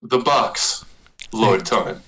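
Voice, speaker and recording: A man's voice: on the low side, takes it slowly, bright, forceful tone, low-quality recording. A man playing his character in a tabletop game, hesitant and evasive, with many fillers. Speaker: player.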